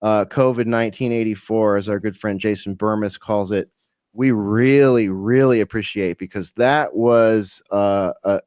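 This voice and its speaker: A man's voice: fairly low pitch, fairly even intonation, a little slow, a little mellow, no room sound, clean studio sound. A man from California hosting a live-streamed radio show, rambling casually with lots of fillers and the odd swear.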